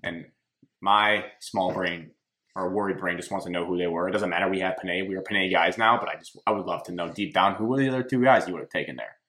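A man hosting a casual sports talk show, telling stories in an animated way and laughing as he talks. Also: sits low, fast. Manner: animated storytelling, laughs while talking. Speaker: podcast host.

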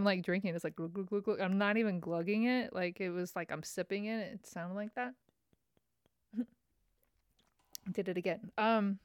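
A woman's voice: medium pitch, smooth, no room sound, studio quality. A woman hosting her own podcast, chatting in a rambling, self-mocking way. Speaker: podcast host. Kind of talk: casual chat.

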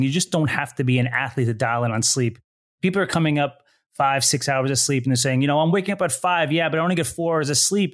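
Man, podcast host, middle pitch, motivational and enthusiastic, dry close mic. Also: dry recording. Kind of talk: podcast interview.

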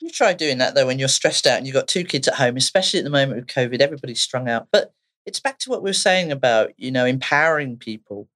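Woman, Essex accent, therapist guest, animated storytelling, very expressive pitch, frequent laughs. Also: fast talker. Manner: animated storyteller, laughs often, acts out voices. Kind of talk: podcast conversation.

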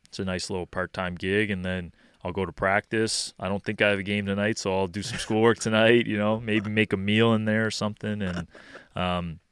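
Young man, hockey coach, deep resonant voice, laid-back talker with plenty of fillers. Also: fairly quick, smooth, no room sound, clean studio sound. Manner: relaxed and rambling, many fillers like "you know" and "um". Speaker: hockey skills coach and podcast guest. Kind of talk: casual interview chat.

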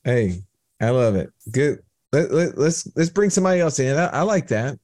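A man's voice: mid-range voice, big pitch swings, moderate pace, a little mellow. A man with a Texan accent hosting a casual panel discussion, playfully hyping up each guest with nicknames. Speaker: podcast host.

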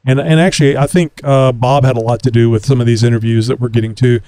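A man's voice: medium pitch, fairly even intonation, fast, dark tone, no echo. A man co-hosting a podcast in casual chat, rambling with frequent fillers and restarts. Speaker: podcast co-host.

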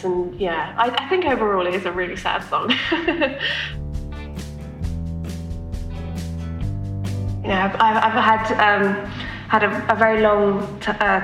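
A woman's voice: mid-range voice, a bit bright. A woman songwriter answering interview questions in a hesitant, reflective way with many restarts. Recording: roomy, distant mic.

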